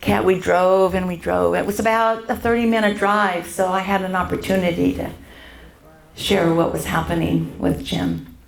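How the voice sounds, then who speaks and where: An older woman sharing her personal faith testimony at a church event, halting, with many pauses and fillers. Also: on the low side, fairly even intonation, vocal fry, roomy sound.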